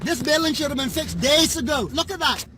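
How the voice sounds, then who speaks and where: Bahamian guy yelling hoarse about his town, really high voice, bit of noise behind. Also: lively intonation, a little fast. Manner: agitated, urgent, repeats himself. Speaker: local resident filming storm damage. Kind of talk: angry walking commentary.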